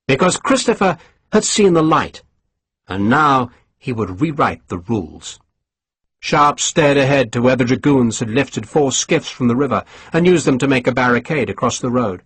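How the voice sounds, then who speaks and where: A man narrating an audiobook in a measured, expressive way, his pitch moving widely. His voice sits a bit high and sounds husky, recorded dry and close. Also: no echo. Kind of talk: scripted narration.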